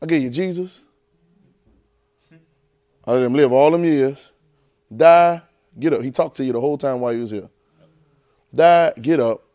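A man preaching plays God as a stern, exasperated almighty father, speaking in booming, reproachful, drawn-out phrases. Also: dark tone, no echo, clean studio sound, lightly acted.

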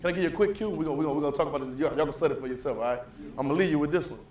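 Preacher guy, fast and fired up, calls out to the church, voice a bit high. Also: roomy sound. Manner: calls out to the congregation, builds to loud fervor; casual, repetitive restarts. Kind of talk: sermon.

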